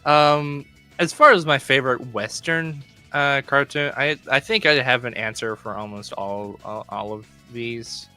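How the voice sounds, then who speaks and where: A guest on a stream chatting casually, laughing often and speaking with enthusiasm, with quick restarts. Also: medium pitch, sharp tone, faint music behind. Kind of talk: casual chat.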